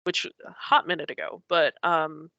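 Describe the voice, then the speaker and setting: A woman's voice: sits low, little pitch movement, a little slow, creaky, pushed and bright, dry recording, muffled recording. A woman guest telling a personal story in a casual, rambling way, full of likes and ums. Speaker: podcast guest.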